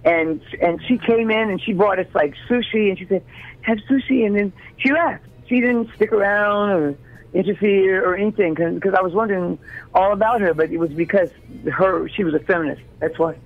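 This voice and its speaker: A woman in her sixties from Chicago, telling stories as an interview guest in an animated, chatty way and often repeating words as she starts a sentence. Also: mid-range voice, brisk. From South Side Chicago. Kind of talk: casual storytelling. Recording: phone-like narrow sound.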